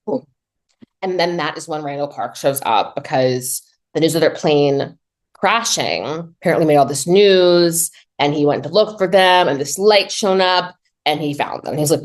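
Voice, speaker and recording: A woman giving a casual comedic movie recap, talking in a chatty, animated way with lots of "like" and dry low asides. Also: normal speed. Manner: chatty and animated, heavy use of "like"; swings between excited high pitch and low deadpan asides.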